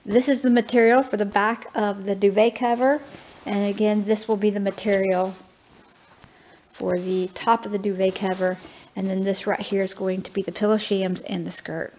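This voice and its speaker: A woman's voice: medium pitch, level tone, moderate pace, darkish tone, slight background noise. A middle-aged woman chatting casually as she tours her half-finished house remodel, thinking aloud with fillers. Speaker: homesteading vlogger. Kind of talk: casual home tour narration. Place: house under remodel, indoors.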